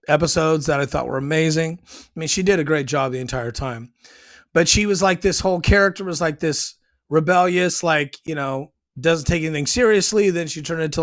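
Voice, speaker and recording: Hosting his own show, a man reviews a TV episode in a casual, rambling way, full of ums and restarts. His voice is a little high with a fairly bright tone.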